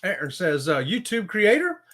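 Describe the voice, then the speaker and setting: A man hosts a casual live chat. His voice sits high and bright, and he keeps things playful, cracking jokes and greeting viewers one by one. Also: sing-song, moderate pace. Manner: playful, jokey, laughs often, greets viewers by name. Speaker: livestream co-host.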